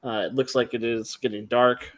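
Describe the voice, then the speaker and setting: A man narrating as game master of a tabletop game, relaxed and joking, with many fillers. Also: medium pitch, moderate pace.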